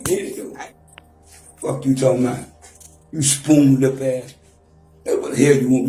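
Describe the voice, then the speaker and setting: A man's voice: mid-range voice, level tone, moderate pace, mellow, roomy sound, soft background music. A man in his forties trash-talking and taunting on a profane livestream rant, mock-rapping at times. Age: 40s.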